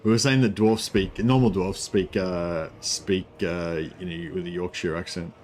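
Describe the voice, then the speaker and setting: A man's voice: deep voice, fairly even intonation, moderate pace, darkish tone, a little hiss or hum. A man giving casual, rambling commentary on a strategy game, thinking aloud with many fillers and restarts. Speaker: streamer.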